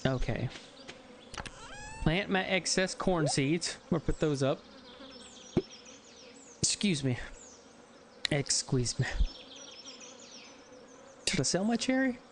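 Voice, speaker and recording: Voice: mid-range voice, animated, takes it slowly, long pauses, a little hiss or hum. A gaming streamer giving live-stream commentary, muttering to themselves, counting aloud and swearing when things go wrong. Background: game music.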